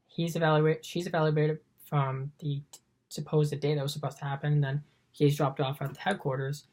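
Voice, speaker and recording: A woman's voice: low voice, level tone, moderate pace, a little mellow. A woman giving a casual scene-by-scene film recap as a reviewer, in an eager, rambling retelling.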